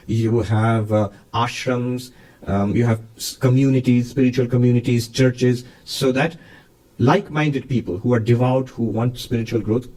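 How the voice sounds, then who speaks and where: A man, a monk and spiritual teacher, giving a lively, storytelling spiritual talk in answer to a question. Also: mid-range voice, recorded from a distance, low-quality recording.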